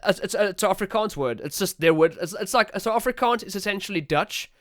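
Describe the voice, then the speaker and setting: Chatty South African man, crisp and dry. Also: sits high, lively intonation, a bit bright, no room sound. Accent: South African English. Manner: chatty, swears freely, laughs often, quick asides. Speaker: podcast host. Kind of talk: casual podcast chat.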